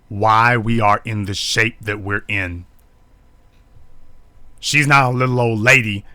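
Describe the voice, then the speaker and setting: A man's voice: on the low side, bright, forceful tone, clear, resonant tone, no room sound. A man giving live-streamed social commentary, indignant and preachy, hammering points home with repeated rhetorical questions. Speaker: online commentator.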